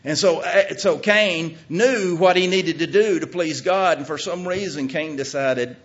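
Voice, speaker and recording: Male preacher, middle-aged, folksy and emphatic, slightly high voice, muffled lo-fi sound. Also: a little slow. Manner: folksy, emphatic, rising to loud peaks. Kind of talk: sermon. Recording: muffled lo-fi recording.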